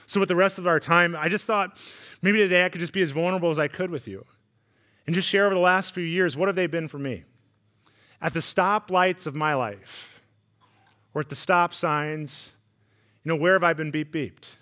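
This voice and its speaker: A man preaching a sermon as a guest pastor, telling stories in an animated way and acting out voices. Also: high voice, fairly quick. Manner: animated storytelling with acted-out voices. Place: church sanctuary.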